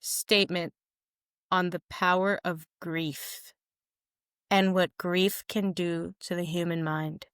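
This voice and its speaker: A young woman co-hosting a podcast in casual chat, animated and jokey, acting out quotes. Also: lowish voice, takes it slowly, clear, resonant tone, dry recording, studio quality. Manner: animated, jokey, calls co-host "friend", acts out quotes. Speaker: podcast co-host.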